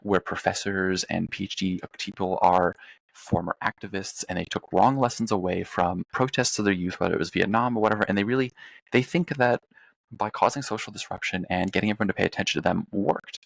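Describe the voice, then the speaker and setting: Fast-talking young man, gravelly voice. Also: low-pitched, no room sound. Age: young adult. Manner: fast, profane, emphatic ranting. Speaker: podcast host. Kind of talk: casual political chat.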